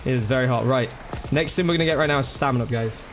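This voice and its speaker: A man's voice: mid-range voice, very fast, a little hiss or hum. A man chatting casually to viewers during a live gaming stream, thanking them by name and calling them bro and dude.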